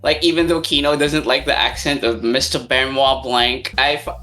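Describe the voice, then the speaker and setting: A man's voice: medium pitch, steady tone, moderate pace, pushed and bright, soft background music. A man in a casual podcast chat, sarcastic and laughing often. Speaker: podcast co-host.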